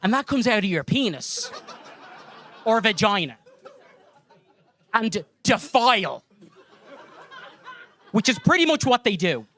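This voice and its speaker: A man's voice: sits high, slow pace, long pauses. A man doing a crude stand-up comedy set on a club stage, acting out voices. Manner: crude, animated, acts out voices.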